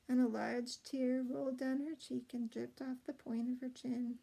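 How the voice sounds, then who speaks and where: A woman reading a children's storybook aloud in a gentle, expressive way. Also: sits high, moderate pace, creaky, breathy edge, low-quality recording. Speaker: storybook reader.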